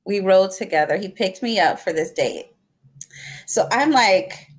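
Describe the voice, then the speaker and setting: An animated young woman chats casually on a live panel. She tells her story with laughs and acts out each quoted line. Her voice sits at a middle pitch. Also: moderate pace.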